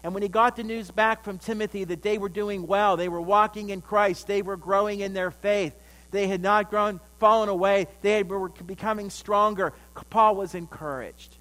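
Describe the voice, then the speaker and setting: A man preaches a sermon in a church sanctuary, with a fairly high voice. He tells a story, then builds to strong, emphatic peaks. His voice carries a long, ringing hall reverb. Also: fairly even intonation, moderate pace, fairly bright tone. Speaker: pastor.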